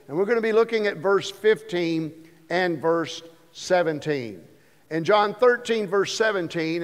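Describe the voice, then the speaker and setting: A man preaching as pastor, slowing down to stress the scripture he quotes. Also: high-pitched. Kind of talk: sermon. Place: church sanctuary. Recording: long reverb of a church hall.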